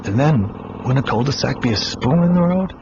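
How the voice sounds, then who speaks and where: An actor playing a laid-back motorcycle rider wondering aloud, in a radio ad. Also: male voice, mid-range voice, animated, brisk, close to an everyday voice. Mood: musing. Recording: muffled radio ad with noise.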